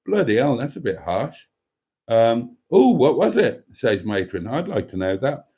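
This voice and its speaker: Speaking a little slowly with big pitch swings, this man has a dark, mid-range voice. He's hosting a casual livestream, reading viewer comments with wry, camp asides and lots of laughter.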